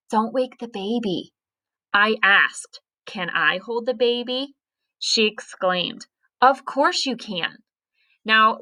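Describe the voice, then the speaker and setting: A woman's voice: medium pitch, bright, forceful tone. A woman teacher giving a recorded grammar lesson, carefully spelling out punctuation step by step.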